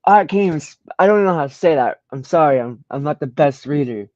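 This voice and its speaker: A man's voice: fairly high pitch, fairly quick, few pauses, no room sound. Slangy, profane man on a dull lo-fi mic. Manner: slangy and profane, reacting with loud disbelief. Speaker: vlogger browsing trending searches. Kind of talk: casual screen-share commentary. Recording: dull lo-fi dry sound.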